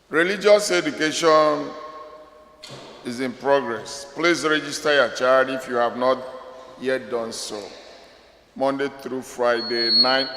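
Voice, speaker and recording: A man reads parish announcements at an unhurried, deliberate pace. His voice has a middle pitch. It rings through a large church with a long reverb. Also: fairly bright tone. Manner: slow, measured, mixes English with Igbo. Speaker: priest giving parish announcements.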